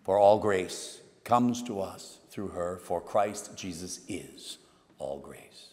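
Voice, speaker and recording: A man preaching a homily as a priest, telling the story dramatically and moving between hushed and emphatic delivery. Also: low voice, animated, slow. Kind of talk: sermon. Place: church. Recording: long church reverb.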